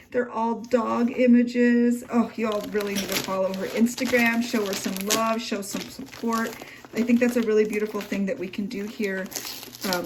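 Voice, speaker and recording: A woman's voice: medium pitch, distant mic. A woman chatting emotionally as she unboxes a handmade gift, gushing and on the edge of tears. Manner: gushing, tearful, gasping with delight. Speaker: craft vlogger. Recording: voice a little off-mic, faint room noise.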